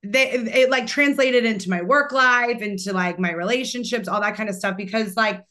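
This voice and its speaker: A woman's voice: fairly high pitch, moderate pace, bright, forceful tone. A young woman hosting a podcast, chatting in a rambling way full of "like". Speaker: podcast host. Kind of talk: casual chat.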